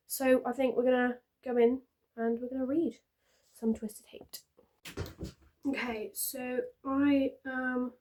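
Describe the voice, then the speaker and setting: A woman's voice: a little high, dark tone. Chatty young woman rambling casually. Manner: rambling, chatty, self-interrupting. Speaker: reading vlogger. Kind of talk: casual chat to camera. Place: at home, sitting on a bed with pillows.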